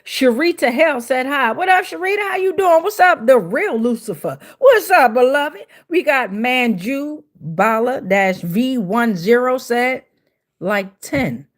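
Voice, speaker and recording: Woman livestream host with a fairly high voice, slangy and playful, reads chat comments aloud and greets viewers. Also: expressive, measured pace. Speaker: tarot reader hosting a livestream.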